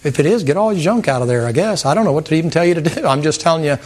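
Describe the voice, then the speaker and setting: Folksy preacher, higher-pitched voice. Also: male voice, rapid-fire. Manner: folksy and animated, with repetition and mimicked sounds. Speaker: pastor. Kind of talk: sermon. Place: church sanctuary with congregation.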